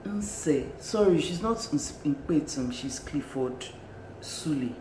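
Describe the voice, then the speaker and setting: A film reviewer with a Nigerian accent, talking in a casual, animated and exclamatory way, often laughing and repeating words for emphasis. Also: mid-range voice, slow pace. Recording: echoey room with faint background noise.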